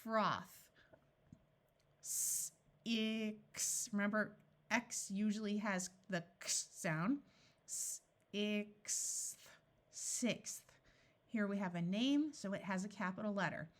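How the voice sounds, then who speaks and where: A woman reading tutor who works through words at an extremely slow, careful pace. She breaks each word into its sounds before blending them back together, in a patient teaching manner with a mid-range voice. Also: mid-range voice.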